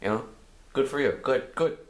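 Brief: mid-pitched male gamer ranting and cursing over a let's play, in an echoey room. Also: animated, moderate pace. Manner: frustrated, swearing rants. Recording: roomy echo with faint game music.

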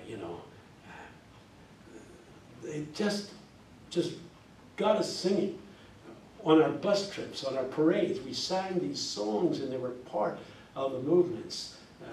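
An older man giving a passionate classroom lecture, breaking into song snippets and rising to near shouting. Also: on the high side. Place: university classroom. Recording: echoey classroom miked from a distance.

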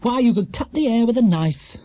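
A man's voice: extremely high pitch, expressive, fairly quick, mellow, no room sound, pitched above the performer's own voice. A man voicing a fussy, anxious mother who talks in a flustered way. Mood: worried. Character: fussy, worried mother of the house.

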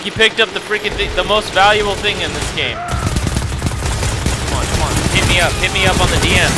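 A man giving loud, swearing live commentary while playing a shooter game, with frequent shouted outbursts. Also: sits high, normal speed, very noisy. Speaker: gamer. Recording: loud game gunfire under the voice.

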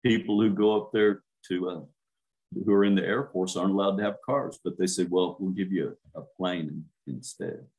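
A man with a low, deep voice preaches a sermon as a minister. He drives his points home by repeating words over and over, and he puts direct questions to his listeners. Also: steady tone, moderate pace, a little mellow, low-quality recording. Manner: emphatic, repeats words for stress.

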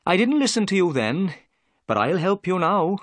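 A man's voice: sits high, very animated, normal speed, no echo, pitched above the performer's own voice. A man voicing a polite, apologetic middle-aged police inspector in a raised voice, read as a story. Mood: humble.

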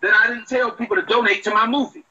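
A man's voice: extremely high pitch, fairly even intonation, quick pace, pushed and bright. A man arguing defensively on a phone-in show, cursing and cutting in. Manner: defensive, argumentative, cusses. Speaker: show host on a phone-in clip. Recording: muffled clip with faint noise.

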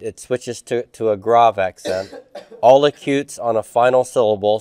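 A man's voice: lowish voice, clear, resonant tone, dry recording, clean studio sound. A man reviewing homework with a class, asking students questions and explaining Greek grammar patiently. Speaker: Greek teacher.

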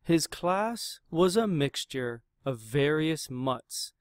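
A man reads a rhyming children's picture book aloud with a lot of expression. His delivery is very slow and unhurried, and his voice sits a little high. The recording is dry and close to the mic. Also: no room sound. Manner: expressive, dramatic read-aloud. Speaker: storyteller.

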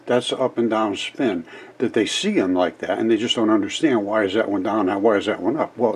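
An older man rambling through an explanation of experiment footage, halting and repeating words as he goes. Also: lowish voice, a little mellow, husky. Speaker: independent science video maker. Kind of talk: casual explanation over footage.

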